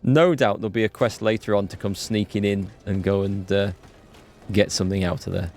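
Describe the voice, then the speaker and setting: A man hosting a live game playthrough, chatty and excitable, greeting viewers in chat. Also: on the low side, brisk. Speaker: let's play host. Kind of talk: live gameplay commentary. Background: faint game music.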